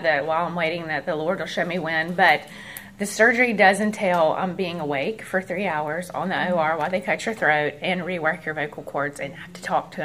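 A woman's voice: on the low side, fairly bright tone. A woman in her forties tells a personal testimony to a church group, earnest and conversational. She acts out the voices of others as she goes. A faint hiss of noise sits under her voice. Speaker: speaker sharing a testimony.

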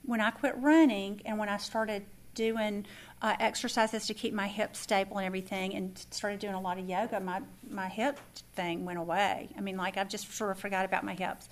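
A middle-aged woman teaching a faith lesson, telling a personal story with lively acted-out dialogue. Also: medium pitch, moderate pace. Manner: animated storyteller who acts out quoted dialogue. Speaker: Bible study teacher.

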